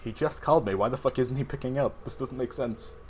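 A man's voice: medium pitch, fast talker, darkish tone, slight background noise. A man streaming a game in a strained, put-on character voice, swearing and blowing up at other players. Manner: gravelly, profane, explosive outbursts. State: strained throat. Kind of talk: profane live gameplay commentary in a put-on character voice.

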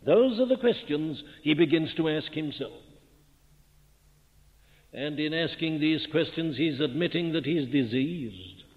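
A man's voice: a little high, expressive, a little slow, narrow, tinny audio. A man preaching a sermon with earnest rhetorical questions, building to fervent emphasis, recorded on an old archival tape. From Wales. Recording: old archival tape, phone-thin sound, long hall reverb.

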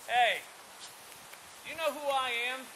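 A man's voice: very high-pitched, measured pace, bright, forceful tone, a little hiss or hum, full character voice, poor audio. A man voicing a naive, curious first man in a told story, with puzzled, eager exclamations.

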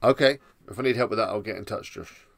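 Bedfordshire english guy doing a chill livestream, gravelly voice, dry close sound. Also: fairly low pitch, quick pace, dry recording. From England. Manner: chatty and easygoing, answers viewer questions. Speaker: live stream host. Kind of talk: casual live stream chat. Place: home room at night.

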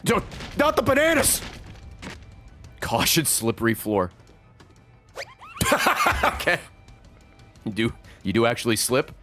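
A man in his thirties giving loud, excitable let's-play commentary, swearing and laughing as he plays. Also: medium pitch, takes it slowly, pauses often, over music. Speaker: gaming streamer.

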